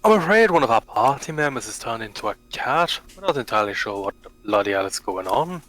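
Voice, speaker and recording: A man's voice: mid-range voice, very animated, quick pace, fairly bright tone. A man doing a mock-Scottish adventurer. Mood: courteous. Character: polite adventurer man with a put-on Scots lilt.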